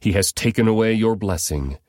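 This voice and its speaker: A man reading the part of an old blind father giving a solemn blessing, measured and grave. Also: fairly low pitch, animated, a little mellow, no room sound, studio quality, pitched above the performer's own voice, natural voice.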